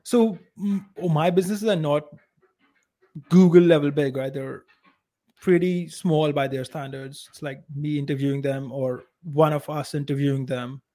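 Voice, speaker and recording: This podcast co-host is a man with an Indian accent and a somewhat high voice, keeping a steady tone at normal speed. In casual chat he talks bluntly, pushes strong opinions, and his loudness is uneven.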